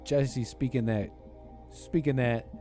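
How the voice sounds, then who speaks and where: A man's voice: mid-range voice, steady tone, takes it slowly, warm tone, faint music behind. A man hosting a call-in podcast, telling a rambling story in casual talk-show style and often cutting himself off mid-sentence. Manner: rambling, self-interrupting storytelling with laughs. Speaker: podcast host.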